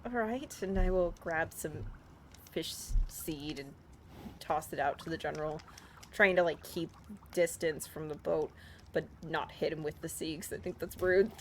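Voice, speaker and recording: A woman playing a tabletop game, earnest and excitable with frequent giggles. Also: lowish voice, moderate pace, slight background noise. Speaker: player. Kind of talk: casual tabletop role-play.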